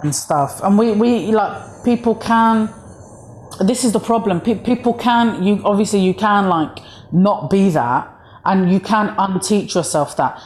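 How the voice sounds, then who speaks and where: A woman's voice: mid-range voice, measured pace, darkish tone, slight background noise. A woman from East London with a London accent, a comedian telling stories in a casual podcast chat. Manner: chatty storyteller, acts out voices in anecdotes. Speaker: comedian guest.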